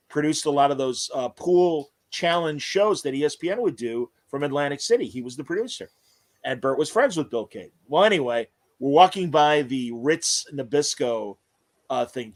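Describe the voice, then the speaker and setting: A man hosting a casual interview podcast, telling long rambling anecdotes full of fillers. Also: medium pitch. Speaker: podcast host.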